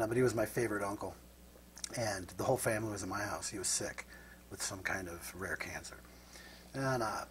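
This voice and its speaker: A man's voice: fairly low pitch, slight background noise. A middle-aged man from Nebraska telling stories as an interview guest, rambling and reflective, often tagging his sentences with a question. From Nebraska, USA. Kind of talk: casual storytelling.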